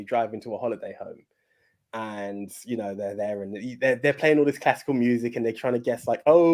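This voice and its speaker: A man's voice: medium pitch, darkish tone. A man co-hosting a podcast, retelling a film in casual chat with stammering repeats and casual swearing. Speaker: podcast co-host.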